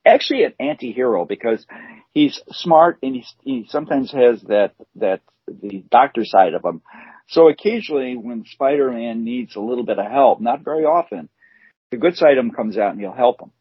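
A man with a husky, mid-pitched voice co-hosts a casual chat, stopping and restarting his sentences often. The audio sounds dull and dry, like a lo-fi recording with no room echo. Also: lively intonation, moderate pace. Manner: hesitant, many restarts. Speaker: co-host.

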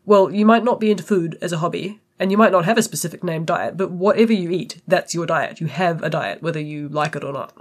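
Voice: mid-range voice, fast, hardly any pauses. A podcast co-host with a New Zealand accent, explaining points in a casual, matter-of-fact way. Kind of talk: casual discussion.

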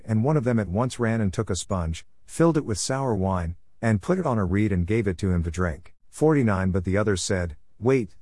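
Man with a lowish voice, dry close sound, steady scripture reading that calls out each verse number. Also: dry recording. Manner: measured, announces each verse number aloud. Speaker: Bible reader.

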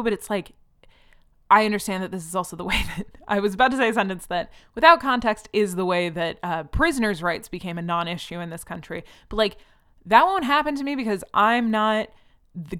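Young woman, podcast host, middle-pitched smooth voice, casual filler-heavy commentary. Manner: chatty, frequent "like" fillers, animated quoting of people.

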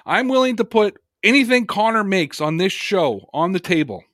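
Guy cohosting a sports podcast, emphatic, kinda high voice, dry close sound. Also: sing-song, normal speed, fairly bright tone, no room sound. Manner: emphatic, repeats words for effect. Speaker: podcast co-host. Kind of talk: casual sports talk.

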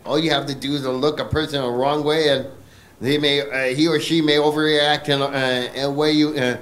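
A man in a church congregation answering a question, speaking haltingly with many pauses and fillers. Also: fairly high pitch, level tone, fairly bright tone.

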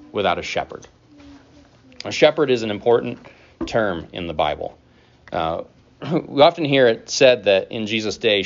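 A man preaching a sermon as pastor, in a conversational way, with casual asides and quick laughs. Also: fairly low pitch, dull audio.

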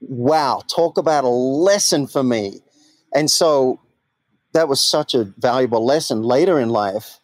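A man's voice: medium pitch, a little slow, no room sound. A man hosting a podcast, telling candid personal stories in casual chat. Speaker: podcast host.

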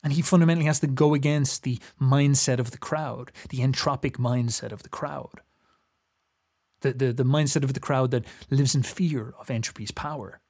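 A man's voice: medium pitch, fairly even intonation, normal speed, a little mellow, slightly rough. A young man from Ireland with an Irish accent, talking casually and earnestly in a reflective, philosophical way, often restarting his sentences.

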